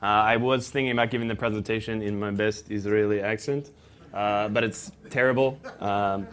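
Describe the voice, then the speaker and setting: A man's voice: on the low side, steady tone, moderate pace, clean tone. A young man, giving a conference talk about his startup in a self-deprecating way, full of ums and restarts. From Texas. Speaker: startup presenter.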